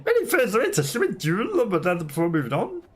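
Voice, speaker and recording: A courtly insect knight bound by honor, speaking in stiff, old-fashioned phrases, as a man puts on the voice while reading game text. The voice sits a little high and swoops lively across its range, theatrical and formal. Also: fast talker.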